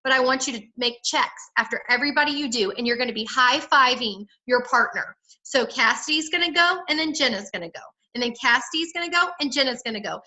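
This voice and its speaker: Upbeat woman, sales team leader, high and bright, direct coaching over a video call. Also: lively intonation, fast talker, few pauses, poor audio. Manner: upbeat, direct, peppy sales pep talk.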